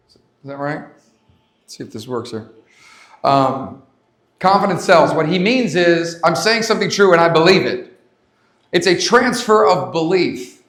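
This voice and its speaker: Speaking from a conference stage, a man delivers an energetic motivational talk to a live leadership-summit audience, his voice on the high side as he repeats his points and quizzes the crowd.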